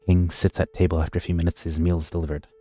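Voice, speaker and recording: Deep-voiced man sight-reading. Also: little pitch movement, very fast, mellow. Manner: plain reading with stumbles. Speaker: streamer reading aloud. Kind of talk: sight-reading a horror wiki story.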